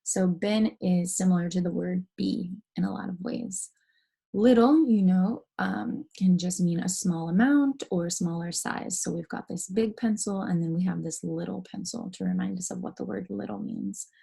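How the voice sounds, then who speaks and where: A woman teaching a phonics lesson to young children online, patient and clear, slowly stretching out sounds and letters. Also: on the low side, mellow.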